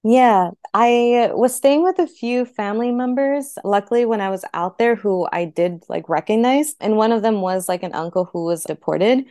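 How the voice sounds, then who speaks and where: A woman's voice: a little high, animated, normal speed, hardly any pauses, dark tone, dry recording, studio quality. A young woman guest, chatty and heartfelt, telling her story and saying "like" often. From United States. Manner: chatty, heavy use of "like", heartfelt. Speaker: interview guest. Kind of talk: casual personal storytelling.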